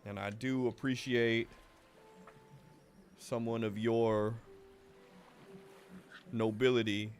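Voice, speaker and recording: A man's voice: mid-range voice, level tone, slow pace, pauses often, a little hiss or hum. A game master voicing a courteous male town mayor who speaks politely and formally. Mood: gracious.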